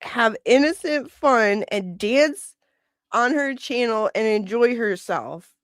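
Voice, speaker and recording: A woman's voice: on the high side, lively intonation, slow pace, dry recording, clean studio sound. A woman hosting a livestream, chatting casually in a gossipy way and laughing often. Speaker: livestream host.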